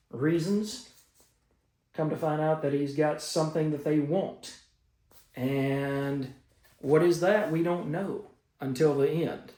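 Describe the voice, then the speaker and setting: A man's voice: fairly high pitch, a little mellow. A man giving a casual, enthusiastic comic book review, recapping stories with fillers. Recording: roomy echo.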